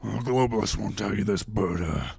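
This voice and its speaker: A man putting on the voice of a middle-aged male conspiracy radio host, growling in a low, jaw-clenched drawl. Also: normal speed, vocal fry, a little mellow, husky, no echo, studio quality, heavily acted.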